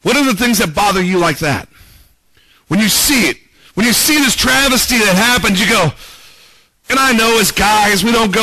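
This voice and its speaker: A man's voice: high-pitched, expressive, moderate pace, pushed and bright, dry recording, low-quality recording. A man preaching a conversational sermon, reading scripture aloud and asking the congregation rhetorical questions. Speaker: pastor.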